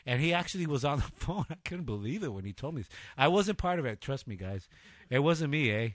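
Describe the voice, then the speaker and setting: Animated joking man co-hosting a show. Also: medium pitch, a little fast, no room sound. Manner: animated, joking, swears freely. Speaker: co-host. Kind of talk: casual radio show banter.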